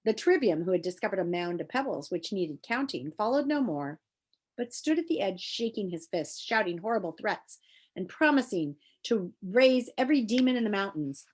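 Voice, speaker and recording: Brief: woman narrator, animated storytelling, lively pitch. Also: normal speed, husky. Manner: expressive storytelling. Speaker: reader. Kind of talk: reading a children's novel aloud.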